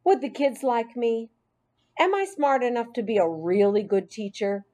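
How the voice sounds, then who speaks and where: A woman's voice: fairly high pitch, normal speed, warm tone, natural voice. A woman voicing a friendly, self-doubting middle-aged male custodian in an audiobook. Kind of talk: audiobook character voice.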